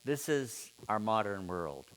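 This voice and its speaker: A man leading an informal seminar, musing aloud and putting questions to his students in a relaxed way. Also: fairly low pitch, takes it slowly, clear, resonant tone. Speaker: seminar teacher.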